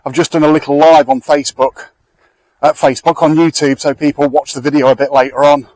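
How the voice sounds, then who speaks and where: A man's voice: a little high, little pitch movement, fairly quick, darkish tone, dry recording, poor audio. A middle-aged man chatting casually to viewers while walking outdoors, talking into a handheld camera. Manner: chatty, rambling, addresses viewers directly. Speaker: vlogger. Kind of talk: casual walk-and-talk vlog. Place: outdoors in a back lane near a fire.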